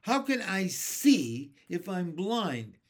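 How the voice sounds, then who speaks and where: A gloomy blind earthworm grumbles that everything will end in disaster, as a man reads it aloud. The storybook voice is pitched up and lively, dragging out each complaint. It speaks loudly and slowly. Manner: complaining, doom-laden.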